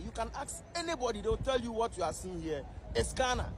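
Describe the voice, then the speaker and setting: A man's voice: very high voice, expressive, a little fast, few pauses, background noise. A man addressing viewers outdoors, insistent and repeating his point. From Nigeria. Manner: insistent, repetitive.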